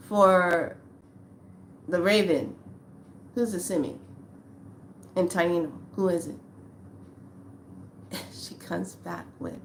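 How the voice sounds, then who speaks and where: Unhurried woman telling a spiritual story. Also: a little hiss or hum. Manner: animated, acts out quotes with rising pitch. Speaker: spiritual vlogger. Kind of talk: casual storytelling.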